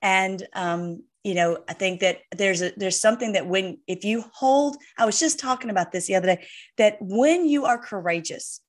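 A woman's voice: medium pitch, moderate pace. A woman in casual conversation about faith, talking with many fillers and restarts as she gathers her thoughts.

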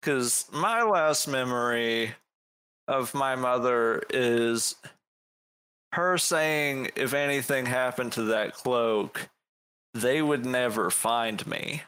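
Halting, wry man playing a tabletop game. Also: mid-range voice, fairly bright tone, clear, resonant tone. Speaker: player.

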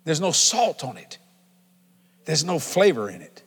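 Very animated yet measured, a middle-aged male preacher gives a folksy sermon in a fairly high voice with vocal fry and slight roughness. Conversational asides alternate with shouted declarations that ring through a large hall with long reverb.

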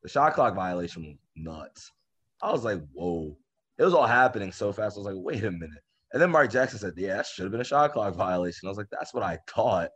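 A low, slightly husky man talking about basketball games. His pitch swings widely as he tells stories in loose, slangy speech. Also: fairly quick. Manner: animated, slangy storytelling. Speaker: podcast co-host. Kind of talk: casual basketball chat.

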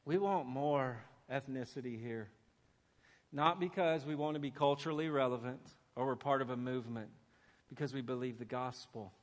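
A man preaching a sermon in a church, animated and acting out the voices he quotes. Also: mid-range voice, moderate pace. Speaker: pastor. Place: church sanctuary. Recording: long hall reverb.

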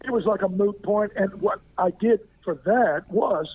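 An older man from Arkansas, a former pro football player, telling a lively story as an interview guest and acting out what people said. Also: sits high, moderate pace, slight background noise. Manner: lively anecdotal storyteller who acts out quoted lines. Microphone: phone. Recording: tinny phone line.

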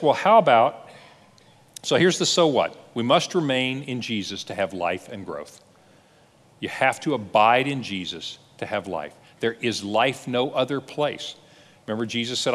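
Lively male pastor preaching in a hall. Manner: animated, conversational preaching with lively pitch swings. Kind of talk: sermon. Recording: long hall reverb.

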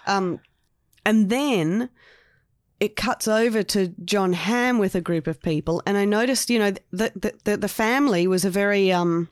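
A chatty woman co-hosts a podcast review, full of quick jokey asides. The sound is dry and close, with no room around her voice. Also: mid-range voice, dry recording. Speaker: podcast co-host. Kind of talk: casual review chat.

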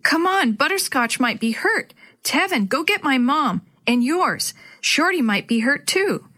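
A woman's voice: high-pitched, very animated, measured pace, pushed and bright, pitched above the performer's own voice, exaggerated voice. A distressed young girl cries out again and again for her missing cat, as a woman reading a storybook puts her on. The voice sits well above the reader's own. It sounds like a children's audio story. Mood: frantic. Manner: cries out urgently.

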